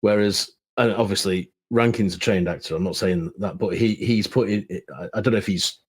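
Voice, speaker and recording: A man co-hosting a podcast in a casual film discussion, thoughtful and measured, explaining his views in long trailing phrases. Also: fairly low pitch, husky.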